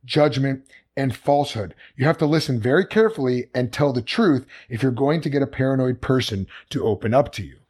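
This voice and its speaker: A man's voice: mid-range voice, expressive, fairly quick, a little mellow, slightly rough. A man co-hosting a casual podcast chat, speaking earnestly and reflectively. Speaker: podcast co-host.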